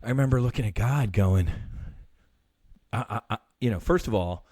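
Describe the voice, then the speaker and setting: A man's voice: lowish voice, moderate pace, darkish tone, no room sound. Earnest man, dry close sound. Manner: earnest, swears freely, reenacts dialogue. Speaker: guest. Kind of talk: casual interview talk.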